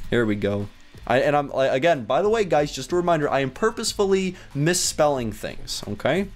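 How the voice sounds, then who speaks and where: A young man gives lively gameplay commentary in a slightly high voice, laughing often and getting higher and louder when he panics. He reads chat aloud in a slow, dopey drawl. Faint music plays behind him. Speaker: gaming video host.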